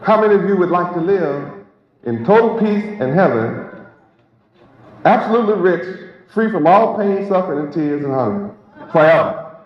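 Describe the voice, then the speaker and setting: A man's voice: high-pitched, expressive, normal speed, long pauses. A man teaching a sermon in an emphatic, rhetorical way, drawing out key words. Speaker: religious teacher. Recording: echoey lo-fi hall recording with crowd.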